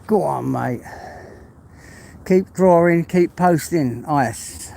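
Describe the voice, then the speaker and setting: Brief: English man, walk-and-talk vlogger, out of breath, chatty and heartfelt, slightly higher voice, faint outdoor hiss. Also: takes it slowly, gravelly, long pauses, warm tone, low-quality recording. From England. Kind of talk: casual walk-and-talk monologue.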